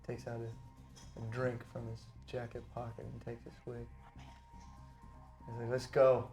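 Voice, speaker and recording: Animated man telling a game backstory. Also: mid-range voice, unhurried, faint music behind. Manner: animated, laughing storyteller. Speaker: player. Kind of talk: casual tabletop storytelling.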